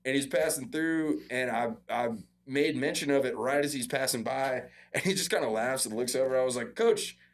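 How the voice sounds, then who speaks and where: A man's voice: mid-range voice, fairly quick, hardly any pauses. A young man casually recounting a practice story, quoting his coach with a raised voice. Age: young adult. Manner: relaxed, self-deprecating, quotes coach in a raised voice. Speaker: podcast guest, former football walk-on.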